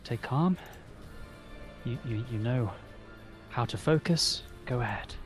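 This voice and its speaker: A man's voice: mid-range voice, animated, takes it slowly, soft background music. A man muttering as a jittery elf swordsman. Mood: nervous. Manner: muttering under his breath, shaky. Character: nervous young male elf bladesinger.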